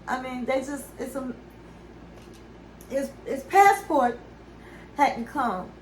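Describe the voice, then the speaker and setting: A woman's voice: high voice, animated, slow pace, pauses often, echoey room, slight background noise, rough recording. A woman hosting a casual reality-TV recap, telling the story in a chatty, gossipy way with side comments. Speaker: recap show host.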